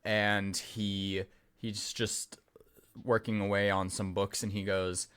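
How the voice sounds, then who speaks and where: A man narrating as game master of a tabletop game, relaxed and chatty with frequent laughs. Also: lowish voice, takes it slowly, smooth.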